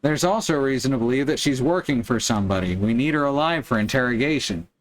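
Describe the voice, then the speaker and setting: A pompous old-timey villain barking orders, as a man puts the voice on while reading game lines aloud. The delivery is stiff, theatrical and sits at an ordinary middle pitch. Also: lively intonation, quick pace, natural voice. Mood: commanding.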